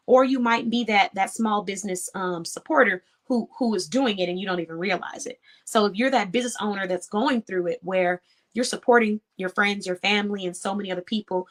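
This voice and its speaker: In a medium-pitched, slightly bright voice, a woman hosting an online show talks to small business owners. She is earnest and encouraging, keeps things casual and conversational, and laughs readily.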